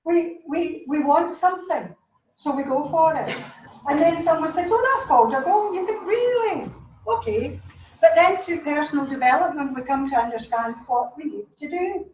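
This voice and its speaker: High-pitched woman giving a rallying speech. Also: normal speed, a little mellow, highs cut off. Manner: upbeat, rallying, joking. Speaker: award recipient speaker. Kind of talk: motivational speech. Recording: echoey room, distant mic, faint noise.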